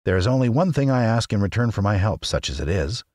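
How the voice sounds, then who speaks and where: A man's voice: lowish voice, big pitch swings, fast talker, a little mellow, dry recording, studio quality, voice pushed up. A man voicing a meek little man who plays at being a wizard, in a mild, explaining tone. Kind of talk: audiobook character reading.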